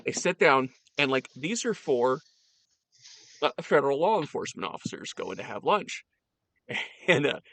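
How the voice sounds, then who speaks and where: A man co-hosting a casual chat, telling a story in an animated way with stammering restarts. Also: mid-range voice, moderate pace, no room sound.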